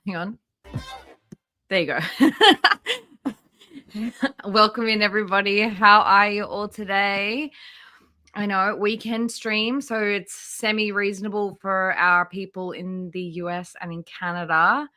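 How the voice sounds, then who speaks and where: A woman's voice: mid-range voice, takes it slowly, long pauses, bright, forceful tone. A woman hosting a casual livestream, chatty and laughing often as she greets viewers by name. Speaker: livestream host.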